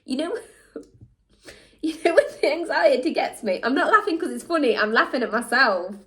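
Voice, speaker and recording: A woman talking candidly to camera, animated, slipping into mock voices and laughing at herself. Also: high voice, moderate pace. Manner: animated, switches into mock voices when quoting people; laughs at herself mid-sentence. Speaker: vlog host.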